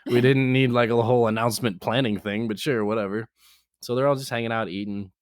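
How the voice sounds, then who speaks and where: A man co-hosting a podcast, telling a casual story in an animated way, acting out other people's lines and saying "like" a lot. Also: mid-range voice, fast, no room sound, studio quality. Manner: peppers speech with "like". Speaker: podcast co-host.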